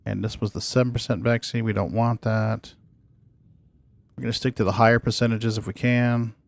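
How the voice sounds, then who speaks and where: A man's voice: on the low side, level tone, normal speed, vocal fry. A man streaming a space game, chatting casually as he plays and talks to his cats. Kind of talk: casual gameplay commentary.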